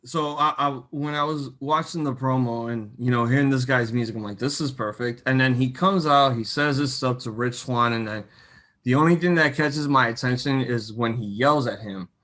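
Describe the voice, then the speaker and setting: A young man co-hosting a casual wrestling chat show, excitable and animated, with many fillers. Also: medium pitch, normal speed. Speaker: co-host.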